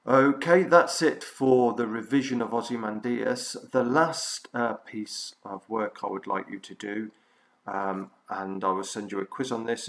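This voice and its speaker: A male teacher giving a recorded revision lesson, explaining patiently and haltingly with frequent fillers. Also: on the low side, vocal fry, fairly bright tone.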